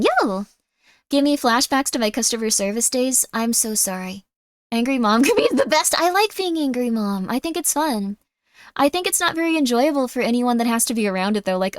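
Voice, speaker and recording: A woman's voice: on the high side, sing-song, moderate pace, no room sound, studio quality. A woman streamer chatting casually and bubbly with her viewers on a streaming mic. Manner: bubbly, chatty, reacting to chat.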